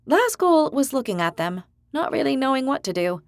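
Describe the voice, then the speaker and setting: A woman narrator reading a fantasy audiobook in a steady storytelling manner. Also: sits high, normal speed, no echo, studio quality. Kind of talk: scripted narration.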